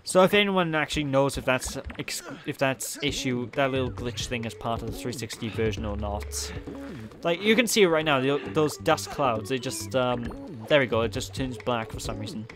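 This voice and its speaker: A man's voice: medium pitch, expressive, moderate pace. Rambling Welsh man over game music. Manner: rambling, self-mocking, chatty. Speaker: let's play commentator. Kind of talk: casual gameplay commentary. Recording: game music playing behind.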